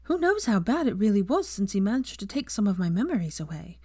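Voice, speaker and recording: A woman voicing an earnest young adult witch who speaks softly, often near a whisper. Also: medium pitch, sing-song, fast, no echo, clean studio sound, pitched above the performer's own voice. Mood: wistful.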